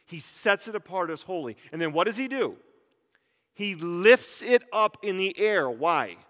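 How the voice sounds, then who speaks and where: A man preaching a sermon in a large church hall, animated and joking, firing off rhetorical questions. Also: high voice, measured pace. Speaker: pastor.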